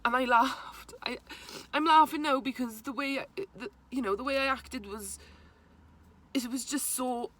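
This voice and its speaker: A young woman, haltingly retelling a personal story to camera, with many restarts. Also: high voice, a bit bright. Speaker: vlogger.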